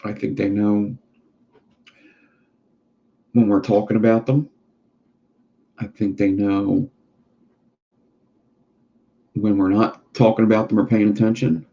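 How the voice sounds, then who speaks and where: A man's voice: on the low side, steady tone, slow pace, gravelly, pauses often. A man hosting a casual livestream chat who rambles and swears freely. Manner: profane, rambling. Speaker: livestream host. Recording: dull lo-fi sound.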